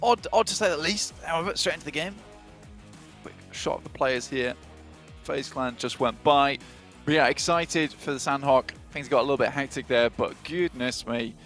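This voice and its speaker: A man casting an esports match live, energetic and full of point tallies. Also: medium pitch, moderate pace, faint music behind. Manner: energetic, stats-heavy. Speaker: esports caster. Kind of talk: live game commentary.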